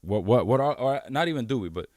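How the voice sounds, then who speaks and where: A man co-hosting a candid podcast, talking in a measured way, citing research and asking reflective questions. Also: medium pitch, lively intonation, a little mellow, no echo, studio quality. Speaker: co-host.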